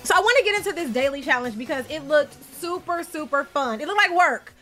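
A woman hosts the chat. Her voice is high and swings all over the place as she reacts, and it has a bright, sharp edge. She laughs easily and sounds bubbly. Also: a little fast, soft background music. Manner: lively, bubbly, laughs often. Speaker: host. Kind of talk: casual aftershow chat.

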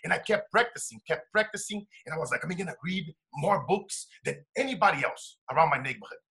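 Man, interview guest, bright, slightly high voice, expressive storyteller swinging between soft and loud. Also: fast talker, gravelly. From Brazil. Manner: animated, shifts between hushed and loud laughing bursts. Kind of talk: emotional storytelling in conversation.

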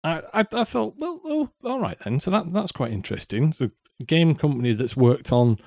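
There's vocal fry in this podcast co-host's slightly high, sing-song voice, which has a darkish tone and normal speed. Recorded dry in a clean studio, he chats casually, full of ums and restarts.

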